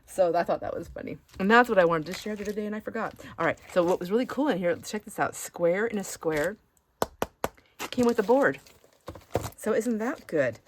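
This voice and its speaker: A woman's voice: medium pitch, expressive, a little fast, a little hiss or hum. A woman hosting a casual show-and-share of thrift finds, chatty and rambling, easily sidetracked. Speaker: craft channel host.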